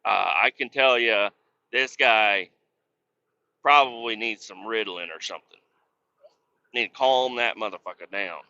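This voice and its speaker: A man's voice: lowish voice, a little slow, pauses often, sharp tone, lo-fi sound. A man telling a profane, exasperated story about a chaotic coworker in a casual, mocking rant. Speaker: industrial cleaning worker telling a work story.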